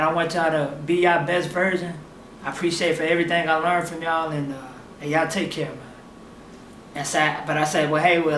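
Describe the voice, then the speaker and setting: Animated young man. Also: a little high, slight background noise. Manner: animated, acts out other people's lines in quotes. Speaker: musician telling a personal story. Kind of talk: casual storytelling. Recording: echoey room, mic at a distance.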